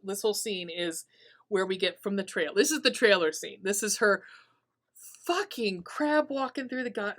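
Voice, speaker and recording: Laughing, foul-mouthed woman podcaster. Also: medium pitch. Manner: profane, laughing, animated storytelling. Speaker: podcast host. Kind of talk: casual movie recap.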